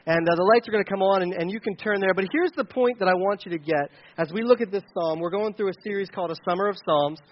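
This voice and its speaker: A man, a pastor, preaching a sermon and telling a personal story in an animated way, with many restarts. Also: sits high, fast, few pauses, lo-fi sound, a little hiss or hum.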